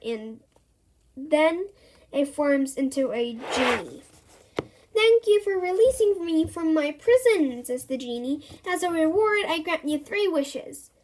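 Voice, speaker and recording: High-voiced woman reading a children's story. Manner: voices characters with lively pitch jumps. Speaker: reader. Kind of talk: reading a children's book aloud.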